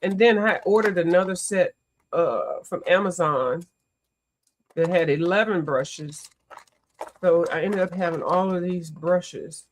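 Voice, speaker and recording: Speaking a little slowly in a lowish voice, with a slight hiss or hum in the audio, a woman hosts a coloring livestream. She chats in an animated way, greets viewers, and often exclaims.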